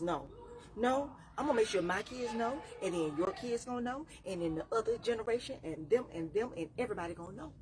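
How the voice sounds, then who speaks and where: A woman's voice: on the high side, noisy background. A woman life coach giving a faith-based motivational talk, preachy and repeating phrases for emphasis.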